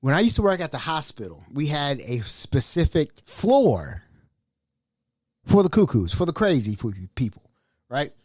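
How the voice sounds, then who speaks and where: A man, a chef, telling colloquial anecdotes in a casual, animated way. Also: a little high, moderate pace, dry recording, studio quality. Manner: animated, colloquial, laughing asides. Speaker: chef, storyteller.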